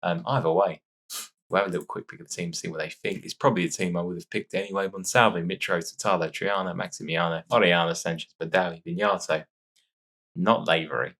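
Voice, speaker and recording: A man casually commentating his own football management game, chatty and excitable, with a sore nose after a sneezing fit. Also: low-pitched, quick pace. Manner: chatty, excitable reacting to match play. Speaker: gaming YouTuber. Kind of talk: casual let's-play commentary.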